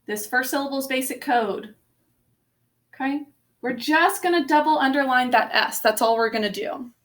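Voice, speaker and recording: A woman teaching a spelling lesson, sounding out words letter by letter in a slow, patient way. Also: high-pitched, a bit bright.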